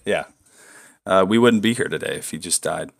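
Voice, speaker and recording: A young man co-hosting a casual faith podcast, excitable and prone to loud whoops of joy. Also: sits low, moderate pace, vocal fry. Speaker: podcast co-host. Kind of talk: casual chat.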